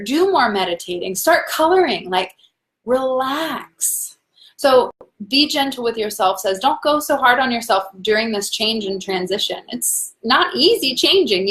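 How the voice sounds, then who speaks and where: A woman hosting a live tarot reading, talking warmly and encouragingly to her viewers, laughing often and reading out their comments. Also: on the high side. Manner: warm, encouraging, talks to viewers as "guys".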